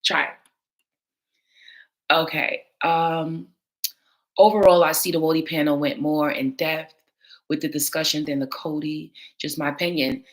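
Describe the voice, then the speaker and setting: A woman's voice: low-pitched, steady tone, normal speed. A woman battle rap panelist answering viewer comments in candid, casual talk, blunt and emphatic, swearing freely.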